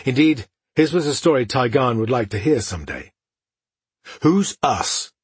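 A man reading fantasy narration for an audiobook, in an even, steady way. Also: medium pitch, brisk, slightly rough, dry recording.

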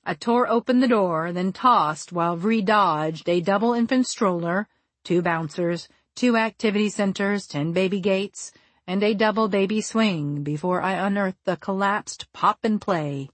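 Female narrator, first-person comic story, unhurried and wry, dry close booth sound. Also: mid-range voice, no room sound. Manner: measured, wry and deliberate. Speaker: audiobook narrator.

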